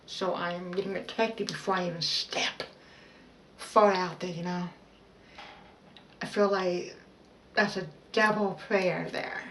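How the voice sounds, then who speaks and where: A woman talks through a personal self-help vlog at a slow, deliberate pace, pausing and restarting as she goes. Her voice sits a little away from the microphone, with a roomy echo and faint background noise. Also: fairly low pitch, steady tone, fairly bright tone, recorded from a distance. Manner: slow, halting, heartfelt delivery with pauses and restarts. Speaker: vlogger. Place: outdoors.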